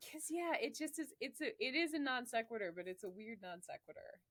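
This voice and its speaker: A young woman co-hosting a podcast in lively casual chat, laughing often. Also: on the high side, fairly quick. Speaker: podcast co-host.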